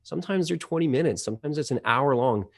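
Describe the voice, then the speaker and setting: A slightly high, gravelly, expressive voice belongs to a voice-over marketplace CEO interviewed as a guest. A trained audio engineer, he talks quickly and chattily at length, with many fillers and restarts.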